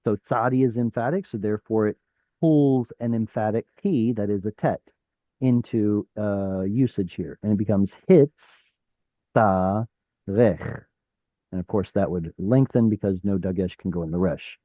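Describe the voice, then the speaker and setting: A man's voice: lowish voice, moderate pace, dry recording, narrow, tinny audio. A man teaching an online Hebrew class, explaining step by step, sounding out letters and correcting himself as he goes. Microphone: video call.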